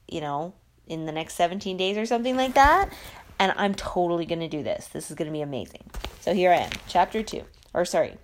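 A woman's voice: on the low side, slight background noise. A young woman vlogging about a book she loves. She chats in a gushing, filler-heavy way and reads passages aloud. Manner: gushing, uses "like" a lot. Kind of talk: casual chat and reading aloud.

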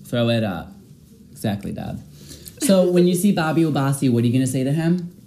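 A man's voice: mid-range voice, animated, a little fast, vocal fry, warm tone, slight background noise. A man hosting a casual vlog chat, teasing and crude in a playful way. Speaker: vlogger host.

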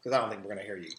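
A man with a lowish voice co-hosts a podcast, telling stories in a rambling, casual way full of restarts. Background noise can be heard.

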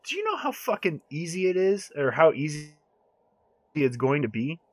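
A man's voice: on the high side, sing-song, moderate pace, dry recording. Heated, profane man with dry sound. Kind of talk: casual podcast chat.

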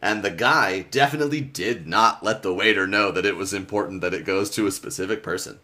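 A man's voice: low-pitched, brisk, pushed and bright. A man casually recapping a children's book on a podcast, swearing freely and reading passages aloud. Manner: loose and profane, reads excerpts aloud. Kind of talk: casual chat.

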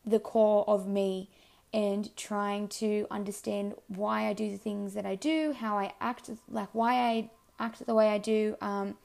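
A young woman podcast host, hoarse and losing her voice, with a gravelly fry running through her words. Her tone is dark and mellow as she rambles earnestly through her thoughts, full of fillers. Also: mid-range voice. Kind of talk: casual reflective monologue.

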